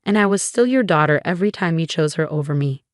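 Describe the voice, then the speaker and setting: A woman reading a scripted first-person story in an even, measured way. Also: low voice, dry recording, clean studio sound.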